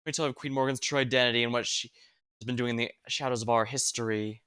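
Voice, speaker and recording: Fast-reading male streamer. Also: mid-range voice, fairly even intonation, sharp tone, clear, resonant tone, no echo, studio quality. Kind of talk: reading game dialogue aloud. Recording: faint game music behind.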